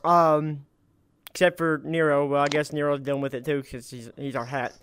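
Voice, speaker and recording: A man's voice: a little high, level tone, moderate pace, a bit bright, clear, resonant tone, dry recording. A man hosting a casual podcast chat, laughing often and reading out news items with restarts. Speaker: podcast host.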